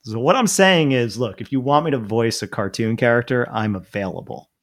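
A man with a deep voice, co-hosting a podcast in casual chat, joking and self-deprecating, often repeating himself. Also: brisk. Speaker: podcast co-host.

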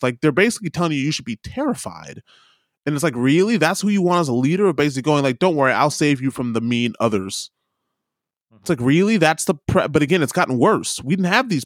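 A man in casual political chat, animated and incredulous, using many "like" fillers. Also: medium pitch, no room sound, clean studio sound.

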